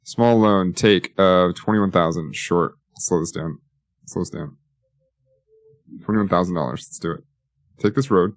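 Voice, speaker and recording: A man's voice: low voice, unhurried, long pauses, dry recording, clean studio sound. A man giving casual, rambling let's-play commentary, joking and talking to himself as he builds. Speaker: gaming YouTuber.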